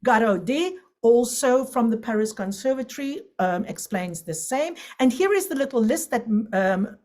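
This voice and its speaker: A woman's voice: fairly high pitch, expressive, normal speed, a little mellow. A woman giving an online lecture on singing, chatty and digressive, with many fillers and restarts. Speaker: voice teacher.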